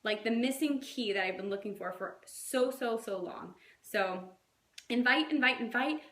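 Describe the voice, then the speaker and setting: A woman's voice: a little high, moderate pace, a bit bright. Chatty woman coach in an echoey room. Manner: chatty, many fillers and acted-out quotes. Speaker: fitness coach. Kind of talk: casual coaching talk.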